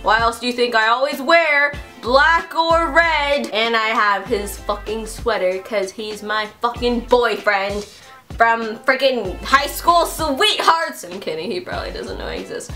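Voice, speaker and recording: A young woman with a high, bright-pitched voice chatters through a quiz on her vlog, swearing freely and flipping between mock outrage and giggles. Faint music plays softly behind her. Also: a little slow. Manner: excitable and profane, swearing constantly. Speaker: YouTuber taking an online quiz. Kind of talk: casual vlog commentary.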